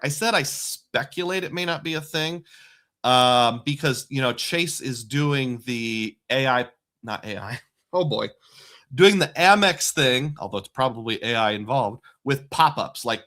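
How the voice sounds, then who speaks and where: Bright-voiced man hosting a live chat. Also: medium pitch, expressive, normal speed. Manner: chatty, reads viewer comments aloud and answers them. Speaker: live stream host reading chat. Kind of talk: casual live stream chat.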